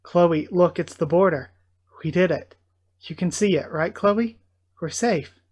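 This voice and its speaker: A man's voice: high-pitched, unhurried, a little mellow. A man reading as a desperate, pleading young man.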